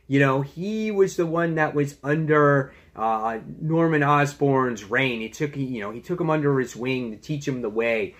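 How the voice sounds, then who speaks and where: A man's voice: medium pitch, measured pace, hardly any pauses. A man hosting his own comic book review channel, talking in an enthusiastic, chatty way full of fillers. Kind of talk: casual review vlog.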